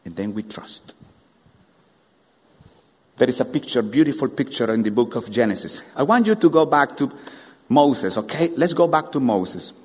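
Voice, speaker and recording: A man preaching a sermon, animated, firing rhetorical questions at the congregation. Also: medium pitch, normal speed, long pauses, breathy edge. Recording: long hall reverb.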